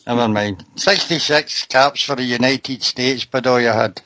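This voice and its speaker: A man's voice: mid-range voice, a little slow, sharp tone, no room sound. A Scottish man on a fan radio panel, chatting football with dry wisecracks over an online call. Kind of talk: casual football chat. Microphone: online group call.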